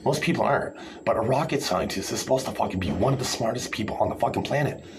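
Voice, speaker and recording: A man's voice: mid-range voice, animated, quick pace, noisy background. A man ranting in a rambling, sarcastic, profane monologue to camera, calling people idiots. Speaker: vlogger.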